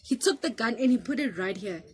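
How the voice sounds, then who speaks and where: A South African woman with a fairly high voice tells a story straight to camera in a casual, animated way. She switches freely between English and local languages as she talks, with a faint hiss of noise behind her. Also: fairly quick. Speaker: vlogger.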